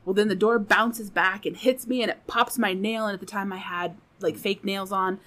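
A woman's voice: mid-range voice, steady tone, moderate pace, a bit bright. A woman guest on a podcast telling a funny personal story in casual, profane chat, laughing often.

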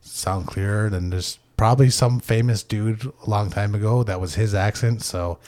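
A man's voice: fairly low pitch, normal speed, a little mellow. A man with a Mohawk English accent chatting casually as a podcast co-host, laid-back and laughing often, with plenty of swearing. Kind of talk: casual chat.

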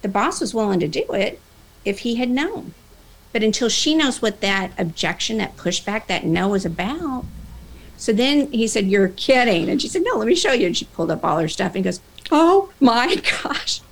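Animated woman trainer giving a talk. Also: mid-range voice, normal speed, vocal fry, poor audio. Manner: animated, plays both sides of dialogues. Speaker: speaker, workplace trainer. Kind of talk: motivational talk with acted-out dialogue.

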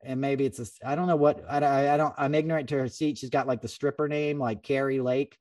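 A man hosting a podcast in casual political chat, rambling and animated, with many restarts and swearing. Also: medium pitch, fast, recorded from a distance. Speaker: podcast host.

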